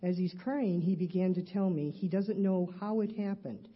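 A middle-aged woman in a church, earnestly reading her personal testimony aloud, halting at times with restarts. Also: fairly low pitch, husky, muffled recording. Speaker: church member giving a testimony.

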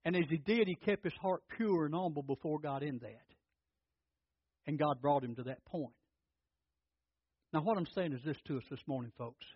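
A man's voice: on the high side, normal speed, pauses often, husky, no echo, highs cut off. A man preaching a sermon as pastor, telling folksy stories and often repeating his words.

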